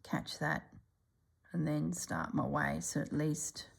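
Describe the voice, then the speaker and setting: A middle-aged woman with a low, gravelly voice talks casually while she stitches, often slipping into a hushed whisper. Her tone is husky and a little breathy, unhurried and homely. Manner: often drops to a soft whisper. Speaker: stitching channel host. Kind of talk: casual stitching vlog chat.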